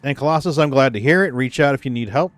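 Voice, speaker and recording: Talking fast in a mid-range voice, a man on a laid-back live game stream jokes with viewers, swearing freely and laughing. The flu hasn't fully left him, so he coughs when he laughs, and slight background noise is present.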